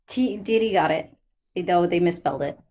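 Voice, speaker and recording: A woman's voice: fairly low pitch, moderate pace, a little mellow. Playful teasing woman co-host. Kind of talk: live-stream banter.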